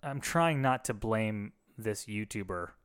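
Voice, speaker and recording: A man's voice: fairly low pitch, lively intonation, unhurried, fairly bright tone, clean tone. A man, a former pastor, talking candidly and reflectively in a casual conversation, with frequent restarts. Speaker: podcast co-host, former pastor.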